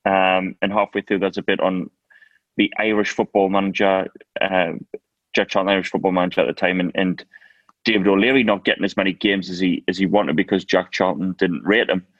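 A man co-hosting a casual chat, telling lively stories and laughing often. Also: sits low, a little fast, no echo, muffled recording. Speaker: co-host.

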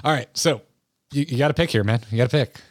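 A man's voice: mid-range voice, fast talker, no room sound, clean studio sound. A man co-hosting a podcast, chatting casually and eagerly about films, rambling with many restarts. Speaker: podcast co-host. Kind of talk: casual movie chat.

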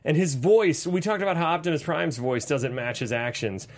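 A man in his thirties co-hosting a casual movie review podcast, animated and acting out quotes in silly voices. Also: on the high side, moderate pace. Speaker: podcast co-host.

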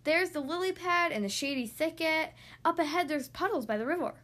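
Upbeat male duck, high and bouncy, played by a woman for a storybook. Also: brisk. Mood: eager. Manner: excited, upbeat. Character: cheerful eager male duck.

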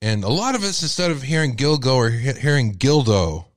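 Deep-voiced Texan man, lively. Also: fast, no echo, studio quality. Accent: Texas. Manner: animated, exclaiming in disbelief. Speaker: podcast host. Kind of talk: casual livestream commentary.

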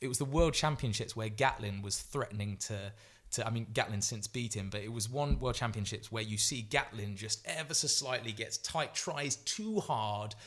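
A man who is a guest athlete on a podcast, telling stories in an animated way, acting out quotes, with frequent fillers and restarts. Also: on the low side, normal speed. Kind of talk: storytelling podcast chat.

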